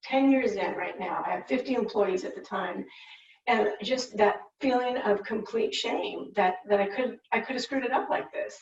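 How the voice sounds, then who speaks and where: A woman with a slightly high voice tells a candid business story to an audience. The sound is muffled and roomy, as if picked up from across a hall. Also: moderate pace. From United States. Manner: candid, storytelling with acted-out quotes. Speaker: business owner giving a talk. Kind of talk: personal story talk. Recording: muffled, roomy, distant mic.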